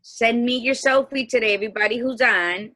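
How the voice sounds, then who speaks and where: Bright-voiced woman in her fifties chatting. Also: a little high, fairly quick, dry recording. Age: 50s. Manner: lively, laughing, sprinkles Spanish greetings. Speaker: co-host, life coach. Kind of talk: casual livestream chat. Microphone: video call.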